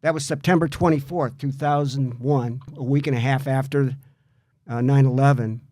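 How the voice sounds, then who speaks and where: A man's voice: medium pitch, steady tone, moderate pace, dark tone, dry recording, clean studio sound. A man co-hosting a sports talk show, eagerly recapping the guest's story.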